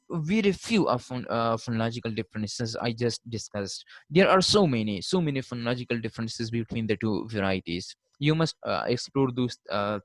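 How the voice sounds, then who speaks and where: A man giving a recorded linguistics lecture, modelling word pronunciations slowly and checking in with "fine" after each point. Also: medium pitch, dry recording.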